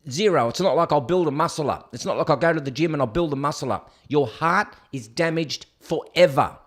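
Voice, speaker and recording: A man's voice: fairly high pitch, brisk, fairly bright tone. A man with an Australian accent hosting a show, ranting and commenting sarcastically on news stories he reads aloud. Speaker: host.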